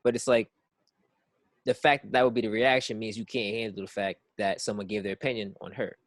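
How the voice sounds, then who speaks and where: A man's voice: on the low side, level tone, fairly quick, no room sound. A man co-hosting a casual podcast who rambles and circles back to "it's like", often repeating words as he thinks through his point. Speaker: podcast co-host.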